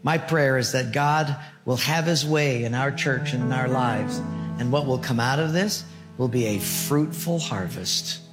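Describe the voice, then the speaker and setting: Pastor preaching over soft guitar. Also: male voice, unhurried. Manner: storytelling, earnest, drops soft and low at key points. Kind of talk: sermon. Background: soft guitar music.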